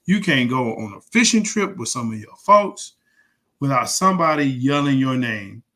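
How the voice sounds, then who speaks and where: A man with a middle-pitched, everyday voice chats as a sports podcast co-host. He keeps things easygoing and conversational, chiming in often and acting out what people said. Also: expressive, moderate pace, bright, forceful tone. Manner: conversational, frequent agreeing backchannels, acts out quotes. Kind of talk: casual sports podcast talk.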